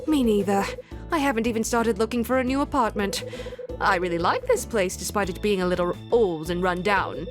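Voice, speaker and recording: A woman's voice: medium pitch, a little fast, over music, natural voice. A woman voicing a friendly, polite male neighbor in a video game.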